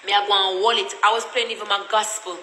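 A woman's voice: medium pitch, fairly even intonation, quick pace, sharp tone, reverberant, a little hiss or hum, rough recording. A woman with a Jamaican accent telling a story in a blunt, repetitive, cussing rant. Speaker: vlogger.

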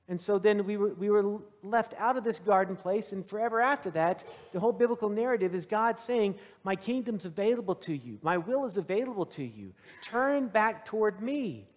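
A middle-aged male pastor with a notably high voice preaches in a church sanctuary, his words trailing into a long reverb. He tells his story in an animated, self-deprecating way, swinging between loud bursts and hushed stretches. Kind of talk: sermon with personal storytelling.

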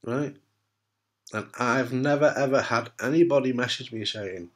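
Brief: man, cancer survivor, blunt, frank, jokey, swears, mid-pitched voice, casual to-camera talk. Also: normal speed. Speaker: testicular cancer survivor giving advice.

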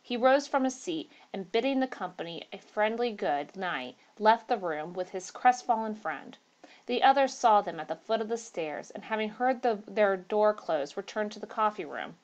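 A woman narrating a ghost story aloud, steady, with small slips and restarts. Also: medium pitch, normal speed, lo-fi sound.

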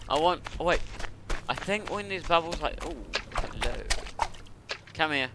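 Excitable man narrating his gameplay, slow-talking. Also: on the high side, heavy background noise. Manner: excitable, talks to himself, sudden yelps and laughs. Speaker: gaming video creator. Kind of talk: casual gameplay commentary.

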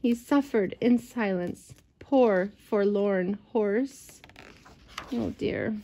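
A woman reading a picture book aloud to a child, gentle and expressive, with chatty asides. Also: medium pitch, drawn-out words. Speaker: storyteller for children. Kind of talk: read-aloud storytelling to a child.

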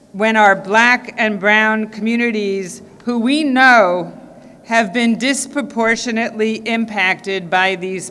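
A woman's voice: medium pitch, fairly bright tone, clean tone. A woman senate president giving an emphatic, formal speech at a press conference. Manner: emphatic, stresses key words. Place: government press event room. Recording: reverberant hall.

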